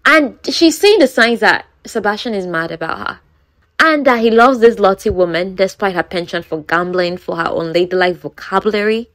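A woman's voice: mid-range voice, no room sound. A woman casually retelling a romance novel, chatty, with frequent asides to the listener. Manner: chatty, asides like "you know". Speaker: book storyteller.

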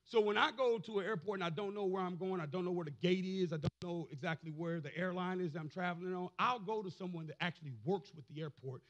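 A man preaching a sermon as pastor, building to shouted emphasis and calling out to the congregation. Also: high voice, fast talker, hardly any pauses, muffled recording. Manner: preaching with rising, shouted emphasis and audience call-and-response.

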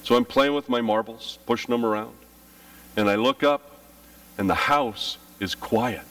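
A man preaching a sermon as pastor, telling stories with lively, dramatic delivery and acted-out cries. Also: on the low side, unhurried, no echo, far from the mic. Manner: animated storytelling, acting out his childhood panic with shouts. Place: church.

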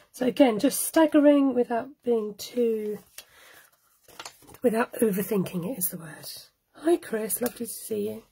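Chatty woman demonstrating crafts, mellow higher voice. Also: slightly rough, poor audio. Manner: chatty, laughs often, greets viewers by name. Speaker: cardmaking demonstrator. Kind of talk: live-streamed craft tutorial.

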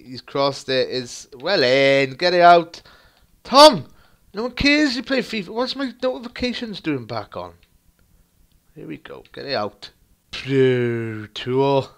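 A young man commentating his own football video game match, excitable and crude, muttering one moment and shouting the next. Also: medium pitch, vocal fry. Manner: crude banter. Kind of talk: live gameplay commentary.

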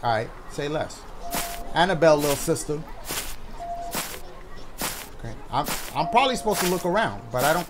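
A man giving loud, excitable commentary as he plays a horror video game, shouting reactions and cracking jokes. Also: fairly high pitch, moderate pace, long pauses. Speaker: gaming YouTuber. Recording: music playing behind the voice.

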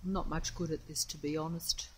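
Her voice sits low with a fairly even, breathy delivery and a brisk pace. This Australian vlogger rambles warily and hesitantly while filming casual commentary outdoors in wind and rain. It's a low-quality recording made on a phone camera.

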